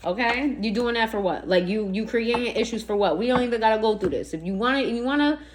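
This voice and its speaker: Over some background noise, a woman with a fairly high voice rattles through a tarot reading at a quick pace. She's casual, crude and slangy, aiming pointed rhetorical questions right at the listener.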